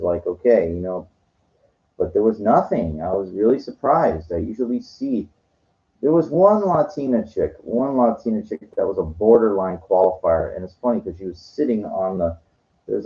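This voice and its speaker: A man telling meandering personal stories, filled with "you know" and often trailing off quietly. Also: low voice, dull audio. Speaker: vlogger. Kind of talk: rambling personal storytelling. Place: lives in Los Angeles.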